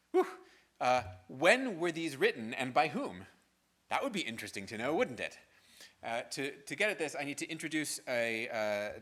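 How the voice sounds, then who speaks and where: A man's voice: medium pitch, fairly bright tone. Casual conversational male lecturer. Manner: conversational, frequent "right?" and fillers. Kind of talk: university lecture. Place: lecture hall.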